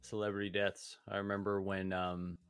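A young man in casual podcast chat, easygoing and rambling, often pausing to search for words. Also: low-pitched, monotone, smooth, no echo.

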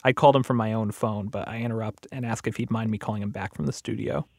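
A man hosting the program, calmly narrating a scripted account and interviewing a caller. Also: lowish voice, fast talker, gravelly, no room sound. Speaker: host and narrator.

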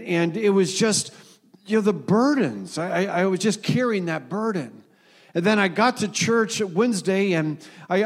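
A pastor in his sixties preaches a sermon in a church, earnestly telling stories and slowing down when he quotes scripture. His voice is high-pitched.

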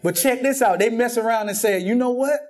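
With an extremely high-pitched voice and a brisk delivery, a man preaches a sermon in a church sanctuary. He keeps things lively, telling jokes and stories and repeating himself often.

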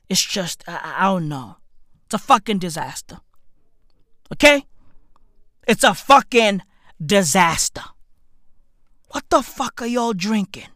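A woman's voice: mid-range voice, no room sound, studio quality. A woman with a South African accent, ranting in profane comic commentary and swearing heavily. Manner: rants loudly with heavy swearing and slang. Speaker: comedic commentator.

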